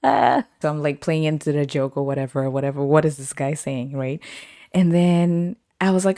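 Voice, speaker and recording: This low-pitched young woman hosts a podcast, speaking at a normal speed in clean studio sound with no echo. Her storytelling is casual and animated, with frequent laughter and acted-out quotes from other people.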